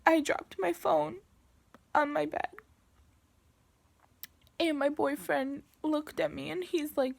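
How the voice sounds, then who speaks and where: Her voice high and gravelly, a young woman tells the camera about something painful from her life, speaking slowly. She keeps pausing and beginning sentences again, emotion weighing on her halting words, though her intonation stays fairly even and a bit mellow.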